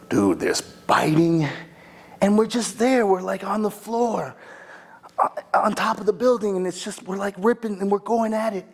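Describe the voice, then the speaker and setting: A man performing a monologue as a rambling, excitable young party guy who keeps saying "like" and "dude" and restarting his sentences. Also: high voice, breathy edge, heavily acted. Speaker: attorney in a monologue workshop.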